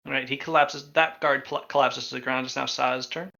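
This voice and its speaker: A man running a tabletop game as game master, narrating in an unhurried, halting way with fillers. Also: medium pitch, steady tone, creaky, sharp tone.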